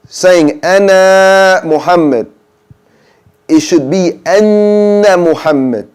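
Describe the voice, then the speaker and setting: A man's voice: fairly high pitch, darkish tone. A man teaching a workshop in a mosque room. He talks casually, checks in often with "okay?" and says pronunciations aloud to show them. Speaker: adhan workshop instructor.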